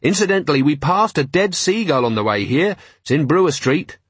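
A man's voice: on the high side, expressive, fairly quick, husky, no echo, voice pushed up. A man voicing an earnest, cheerful young male watchman who talks pleasantly.

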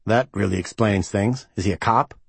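A narrator with a husky voice plays a blunt, sarcastic man, a little higher and louder than his reading voice. The lines come short and curt, recorded close and dry. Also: normal speed, dry recording.

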